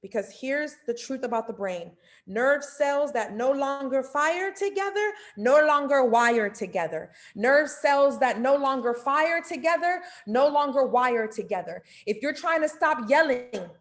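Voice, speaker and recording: A woman's voice: high voice, unhurried, hardly any pauses. A woman giving a casual, playful motivational mentorship talk, speaking directly to her listeners. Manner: animated and playful, acting out inner dialogue.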